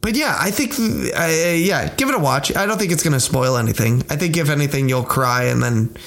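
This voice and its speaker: Animated young man chatting about trailers. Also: a little high, fairly quick, creaky. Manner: animated, acts out silly phone-call bits in put-on voices. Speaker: podcast co-host. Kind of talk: casual chat.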